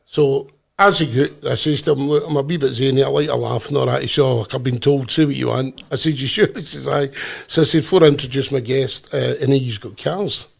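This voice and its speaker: A man's voice: mid-range voice, steady tone, quick pace, few pauses. A Scottish man hosting a podcast, telling anecdotes in a casual chat and laughing through them. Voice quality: gravelly, husky. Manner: laughs through his stories. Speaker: podcast host.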